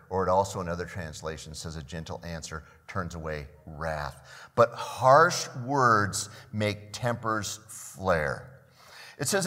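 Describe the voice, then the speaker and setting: A man's voice: low voice, animated, measured pace, sharp tone, big-room sound. An older man preaching a sermon as a pastor, often repeating the first words of a phrase and asking the listeners questions.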